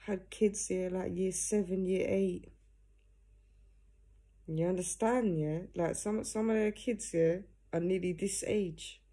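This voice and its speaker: A woman's voice: on the low side, steady tone, takes it slowly, mellow. A young woman talking casually to camera from home, earnest and direct, ending nearly every phrase with "yeah?". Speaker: vlogger. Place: at home in pajamas. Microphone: phone or camera.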